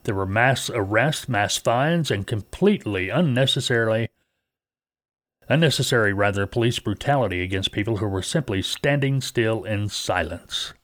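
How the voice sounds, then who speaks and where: A man's voice: lowish voice, expressive, moderate pace, a bit bright, no room sound, clean studio sound. A man hosting a trucking podcast, talking casually in a folksy, rambling way with many fillers and restarts.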